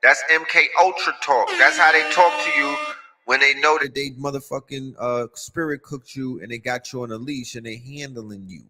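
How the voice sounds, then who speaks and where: A man hosts a casual podcast in an animated, profane voice full of street slang. His tone is strikingly bright and cutting. A long reverb trails his words. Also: medium pitch, moderate pace, soft background music. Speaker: podcast host. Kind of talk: casual conspiracy commentary.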